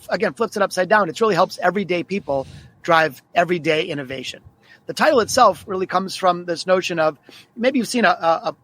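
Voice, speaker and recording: Man, 40s, podcast guest, quick energetic storytelling, slightly high voice. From Detroit, United States. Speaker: guest author. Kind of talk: podcast interview.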